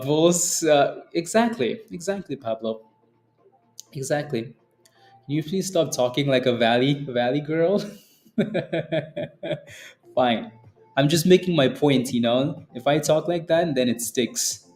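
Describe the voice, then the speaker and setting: A man's voice: on the high side, slow pace, long pauses, a little mellow. A man hosting a live stock trading stream in casual commentary, rambling, repeating words and tagging lines with "right?". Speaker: stock trading livestream host.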